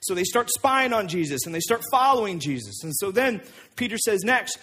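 A man preaching a sermon as pastor, telling the story with lively acted-out voices. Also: sits high, a little fast, slightly rough. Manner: animated storytelling, acting out voices of people in the story.

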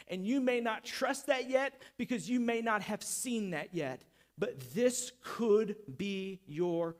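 A man preaching a sermon as pastor, impassioned and building up to shouted lines. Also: high voice.

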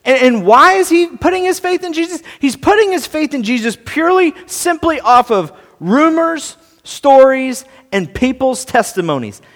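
A man preaching a sermon, earnest, restarting and repeating words and swinging between soft and loud. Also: very high-pitched, sing-song, normal speed, hardly any pauses, big-room sound. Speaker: pastor.

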